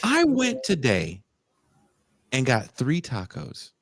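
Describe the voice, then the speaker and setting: A man with a Californian accent holds forth in a casual podcast chat, all profane mock outrage. His pitch swings wildly from low grumbles to high yelps, though he takes his time with the words. The sound is dry, with no room around it. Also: wildly swooping pitch, slow pace, vocal fry, fairly bright tone, dry recording. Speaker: podcast co-host.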